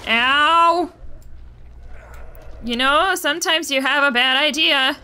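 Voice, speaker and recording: A woman's voice: high voice, takes it slowly, pushed and bright. A young woman streamer giving casual, joking gameplay commentary, swearing freely and talking to her chat.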